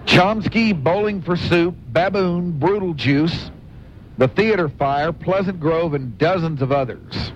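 A man co-hosting a radio show, reading concert listings between jokes from the others. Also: measured pace. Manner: reads listings, laughs between items. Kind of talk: casual radio banter. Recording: muffled radio recording with faint rumble.

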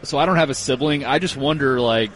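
A man hosting a casual sports talk show, relaxed and conversational, reading out listener notes. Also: medium pitch, a little fast, a little hiss or hum. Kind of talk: casual sports radio chat. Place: loud outdoor spot.

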